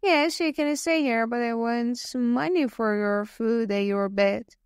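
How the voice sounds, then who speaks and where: A woman's voice: a little high, unhurried, clean tone, dry recording, studio quality. Greedy old storybook schemer, read by a woman. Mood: scheming. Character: greedy jealous old man, storybook villain.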